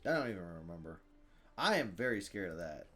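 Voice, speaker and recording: A young man streaming a card game, casual and excitable, muttering to himself and then breaking into loud shouts. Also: on the low side, fairly quick, breathy edge. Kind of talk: casual gameplay commentary.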